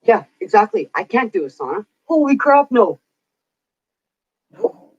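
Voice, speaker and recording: A woman's voice: medium pitch, big pitch swings, unhurried, slightly rough, dry recording. A woman vlogger venting in casual chat, swearing freely as she rants. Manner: profane, venting rant. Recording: dull, dry lo-fi recording.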